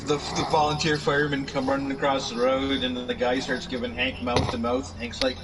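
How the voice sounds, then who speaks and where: A man's voice: mid-range voice, level tone, brisk, far from the mic, background noise. A man hosting a podcast in casual chat, rambling with many restarts and fillers. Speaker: podcast host. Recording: loud music playing over the talk.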